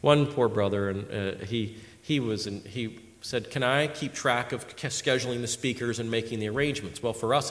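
A man preaching a sermon, telling stories and swinging from loud exhortation to quiet asides. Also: mid-range voice. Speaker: pastor. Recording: reverberant hall.

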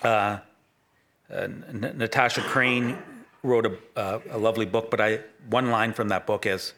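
A man's voice: fairly low pitch, fairly even intonation, moderate pace, gravelly, fairly bright tone, a little hiss or hum. A middle-aged man from Canada preaching a sermon in a loose, rambling, conversational way, often restarting his sentences. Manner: rambling, self-correcting, conversational. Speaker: pastor.

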